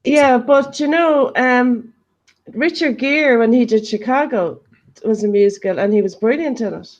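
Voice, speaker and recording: A woman's voice: on the high side, normal speed, dull audio. Chatty Irish woman on a panel. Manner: chatty, searches for names, laughs often. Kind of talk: casual panel chat.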